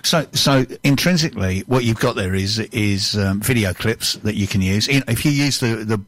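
Brief: older English host, low voice, dry close sound, rambling anecdotes. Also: male voice, normal speed, no room sound. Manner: rambling storyteller with repeated restarts. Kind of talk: casual chat.

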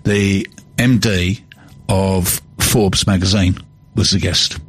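A man's voice: low voice, steady tone, slightly rough. A man from England hosting a casual radio chat show in a studio, chatty and teasing. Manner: chatty, teasing, quick to laugh. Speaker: radio host.

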